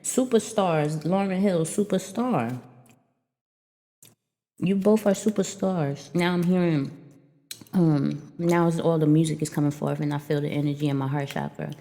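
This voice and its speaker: Slow, mellow-voiced woman in echoey room. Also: low-pitched. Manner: rambling, loose and chatty, addresses viewers as y'all. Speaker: spiritual reader. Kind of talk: casual oracle reading to viewers.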